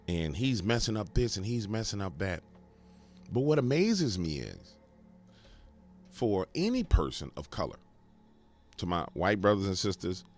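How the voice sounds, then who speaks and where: Animated, preachy male commentator. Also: low voice. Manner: emphatic, preachy, rhetorical questions. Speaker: commentary host. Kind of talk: political commentary rant.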